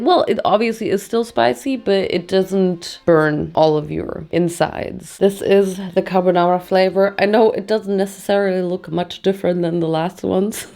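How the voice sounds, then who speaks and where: A woman's voice: fairly low pitch, mellow. German girl tasting food for her vlog, playful and dramatic, laughs a lot. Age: young adult. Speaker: food vlogger.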